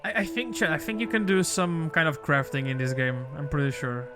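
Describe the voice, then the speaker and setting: A man in a casual multiplayer game chat, excitable and swearing as he calls out spells. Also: fairly high pitch, brisk. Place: VR game session. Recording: game music clearly audible behind the voice.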